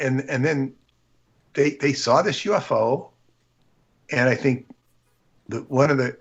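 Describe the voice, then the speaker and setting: Man, husky and muffled, rambling storyteller with lots of restarts, casual livestream guest. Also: mid-range voice. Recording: dull lo-fi stream audio.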